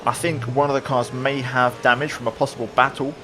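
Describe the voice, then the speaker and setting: Man giving relaxed racing replay commentary. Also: medium pitch, brisk, over music. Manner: relaxed, reflective, with many fillers. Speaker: sim racing video creator.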